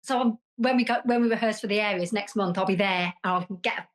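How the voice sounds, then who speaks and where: A woman's voice: mid-range voice, quick pace. A woman, a brass band member chatting in a matter-of-fact way as a podcast guest. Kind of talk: casual chat.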